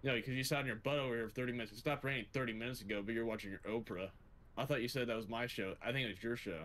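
A man playing a farmhand in a farming game role-play, trading joking, deadpan banter. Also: mid-range voice, racing, slight background noise, poor audio. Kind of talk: gaming role-play on voice chat.

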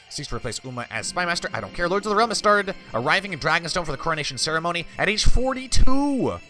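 A man's voice: on the high side, very animated, quick pace, hardly any pauses, bright, forceful tone, faint music behind. A man hosting a let's play, reading game text aloud in a mock-regal tone between wry, offhand asides. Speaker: gaming channel host.

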